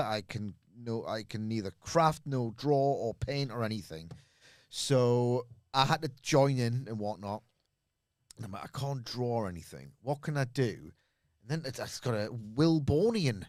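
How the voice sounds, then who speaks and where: A man's voice: medium pitch, lively intonation, moderate pace, dry recording, studio quality. A man co-hosting a casual podcast, rambling through stories with lots of fillers and restarts. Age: adult with a school-age daughter. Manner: rambling, filler-heavy storytelling. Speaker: podcast co-host, wrestling reviewer.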